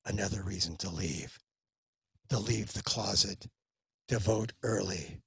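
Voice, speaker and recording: A man's voice: lowish voice, a little slow, gravelly, long pauses, a bit bright, husky, faint music behind. A middle-aged man performing a wry, confiding comic solo monologue from his closet at home into a webcam.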